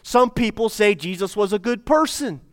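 A man's voice: high-pitched, lively intonation, normal speed. A man preaching a sermon as pastor, speaking to his congregation with repeated phrases and rhetorical questions. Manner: repetitive, rhetorical questions, addresses congregation directly.

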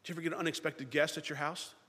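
Pastor guy preaching, voice up high, big echoey church hall, goes loud then real quiet. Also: steady tone, rapid-fire. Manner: preaching with swings from loud to hushed. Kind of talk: sermon. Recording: long reverb of a large hall.

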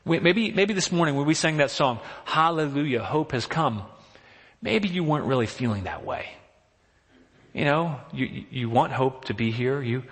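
A man preaching a sermon as pastor, animated, acting out the voices in the story he reads. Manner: animated, acts out quotes with rising pitch. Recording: long hall reverb.

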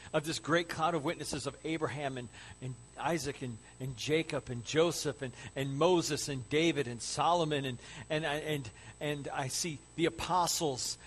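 A man preaching a sermon as a pastor, building to loud excitement and then dropping to hushed, soft tones. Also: fairly high pitch.

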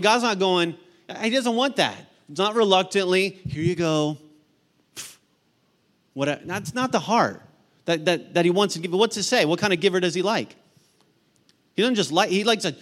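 Pastor, middle-aged man, high voice, animated and playful in the pulpit, stumbles and restarts as he goes. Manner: animated, playful storytelling with acted-out asides; frequent restarts and repeated words. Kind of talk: sermon.

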